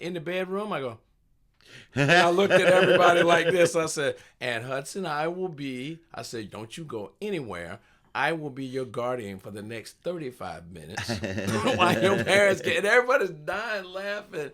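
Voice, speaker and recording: A man, a stand-up comedian, is talking shop in a relaxed chat. He tells his stories with lots of energy and slips into other people's voices along the way, laughing as he goes. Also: a little high, normal speed. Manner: animated storyteller, acts out voices, laughs often. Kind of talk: casual storytelling chat.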